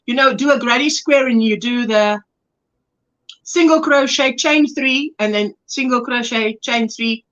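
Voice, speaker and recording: High, bright woman, livestream host, warm chatty greetings to viewers, casual home chat. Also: a little slow, highs cut off. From South Africa.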